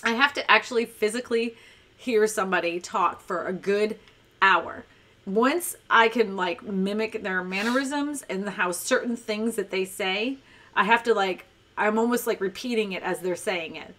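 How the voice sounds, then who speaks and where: A woman's voice: mid-range voice, moderate pace, fairly bright tone. A woman hosting a casual live stream chat, reading viewer comments aloud and laughing often.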